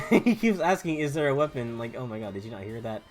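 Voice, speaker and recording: A man's voice: mid-range voice, very animated, fairly quick. Young southern guy rambling over a game, voice jumps all over, stammers and swears, faint music behind. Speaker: gaming YouTuber. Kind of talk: rambling commentary while gaming.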